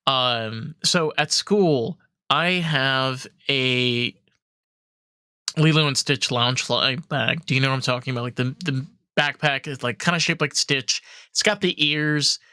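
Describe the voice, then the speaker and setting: A young man hosting a podcast, telling animated, profanity-laced stories in casual chat full of fillers. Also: medium pitch, a little slow, clear, resonant tone, dry recording, clean studio sound. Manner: animated storyteller, swears freely, many fillers. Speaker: podcast host.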